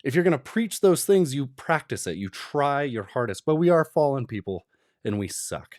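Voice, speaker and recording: A man's voice: fairly high pitch, very animated, moderate pace, no echo, clean studio sound. A young adult man giving an emphatic, rambling, opinionated commentary. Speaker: commentary vlogger.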